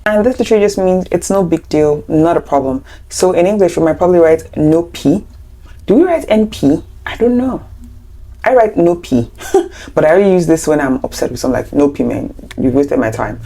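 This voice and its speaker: A woman with a low, mellow voice teaches a language lesson to camera. She explains each point step by step and chats along with light, playful asides. She sounds young and relaxed. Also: fairly quick. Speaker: French teacher.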